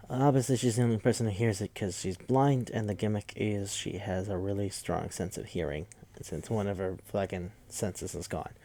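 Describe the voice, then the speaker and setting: A man's voice: fairly low pitch, warm tone, no room sound. A man casually recapping a film plot on a podcast, rambling and profane, with lots of filler words. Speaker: podcast host.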